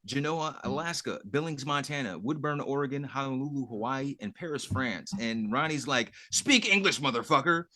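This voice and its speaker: A man's voice: mid-range voice, normal speed, hardly any pauses, fairly bright tone. A man co-hosting a podcast in casual chat, easygoing and rattling off details as he recaps a show. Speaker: podcast co-host.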